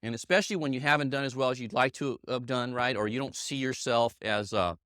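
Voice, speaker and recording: Man, middle-aged, sales team leader, motivational training, bright forceful voice, emphatic and repetitive, dry close sound. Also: mid-range voice, brisk, clean tone, no echo. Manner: emphatic, repeats himself, checks in with "okay?" and "right?"; addresses colleagues in the room by name. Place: meeting room with a live audience.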